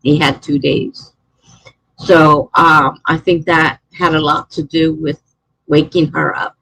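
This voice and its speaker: A woman's voice: deep voice, little pitch movement, slow pace, vocal fry, a bit bright, husky, no echo, rough recording. A middle-aged woman chatting casually on a live stream, answering chat messages and laughing often.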